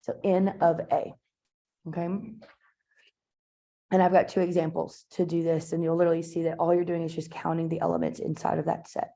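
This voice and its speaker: A woman's voice: low-pitched, completely flat delivery, brisk, vocal fry, warm tone. A woman, teaching a math class in a classroom, chatty and informal with lots of asides and fillers. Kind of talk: classroom lecture.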